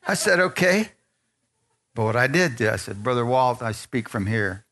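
A male pastor preaches in an easy, conversational way at a middle pitch. He keeps asking the congregation to answer him with an amen. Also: lively intonation, moderate pace, fairly bright tone. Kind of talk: sermon.

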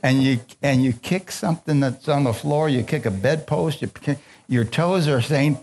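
A man's voice: medium pitch, normal speed, a little mellow. A man preaching, leading prayer and call-and-response, reading scripture aloud and commenting on it, and chuckling while he tells a story.

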